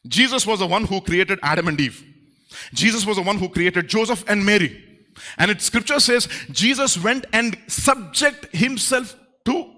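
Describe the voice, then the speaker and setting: A man preaching a sermon as pastor, animated and playful, acting out little quoted voices. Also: high-pitched, normal speed. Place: church.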